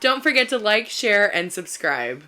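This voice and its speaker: A woman's voice: medium pitch, big pitch swings, measured pace. A woman co-hosting a casual podcast, blunt and teasing. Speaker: podcast co-host. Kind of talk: casual chat. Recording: loud background noise.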